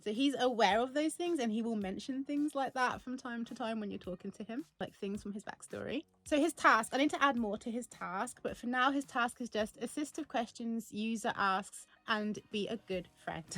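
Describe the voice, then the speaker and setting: A woman's voice: on the high side, lively intonation, normal speed, faint music behind. A woman chatting casually as a vlogger, rambling with lots of fillers as she walks through a setup. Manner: chatty, rambling with frequent "like" and laughs. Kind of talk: casual walkthrough chat.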